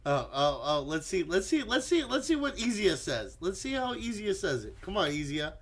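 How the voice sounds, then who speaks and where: A man's voice: sits high, very animated, moderate pace, a bit bright, husky. An American man hosting a casual chat, playful and laughing often, with the occasional swear. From United States. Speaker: streamer host.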